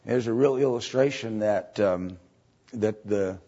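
Husky guy slowly teaching bible study, keeps asking "right?", dull lo-fi tape. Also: fairly low pitch, mellow. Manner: halting, checks in with "right?" and "okay?". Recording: dull lo-fi recording.

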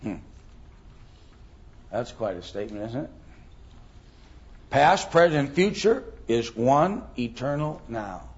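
A man's voice: medium pitch, sing-song, takes it slowly, long pauses, highs cut off. A middle-aged man teaching a Bible class, thinking aloud with many ums and rhetorical questions.

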